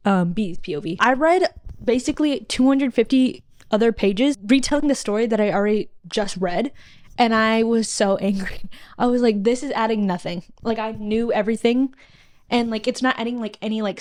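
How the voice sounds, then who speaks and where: Young woman, slightly high voice, casual and chatty book reviewer with blunt takes. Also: a little mellow. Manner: chatty, filler-heavy, with frank blunt opinions. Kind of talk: casual monthly reading wrap-up.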